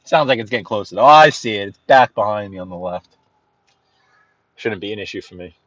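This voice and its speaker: A man with a New York accent chatting to viewers while driving, greeting them by name and often clearing his throat. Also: lowish voice, lively intonation, a little fast, a bit bright, no room sound, lo-fi sound. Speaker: livestream host driving. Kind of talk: casual live-stream chat while driving. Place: inside a car on city streets.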